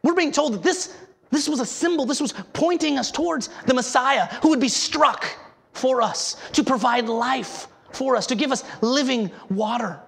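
A preacher delivers a sermon with a husky, slightly raspy voice. The delivery is emphatic, full of rhetorical questions and quick repeated words. The tone has a gravelly edge throughout. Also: sits high, fairly bright tone.

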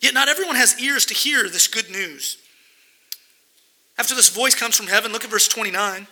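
A male pastor delivering an expository sermon, his voice pitched very high for a man and strikingly bright and sharp. He reads scripture verses aloud and then unpacks them with earnest emphasis. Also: normal speed, poor audio.

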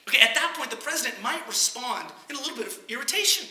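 Bright-voiced preacher in an echoey room. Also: high-pitched, lively intonation, fast talker, hardly any pauses. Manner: conversational expository preaching. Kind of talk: sermon.

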